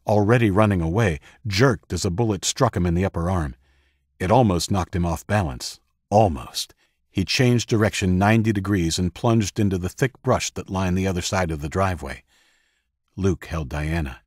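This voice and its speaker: A man narrating an audiobook in a steady, measured way on a close microphone. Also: sits low, husky, no room sound. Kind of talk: scripted narration.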